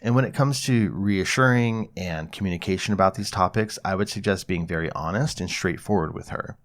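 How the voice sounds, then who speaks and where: A man hosting an advice podcast, calmly explaining and acting out example conversations. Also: sits low, a little fast. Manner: calm, explanatory, acts out example dialogue. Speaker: podcast host, psychologist.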